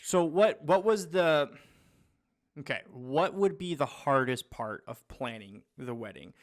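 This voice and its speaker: Slightly high-voiced male podcast host. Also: expressive, unhurried. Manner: playful, teasing, rambling questions. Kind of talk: casual podcast chat.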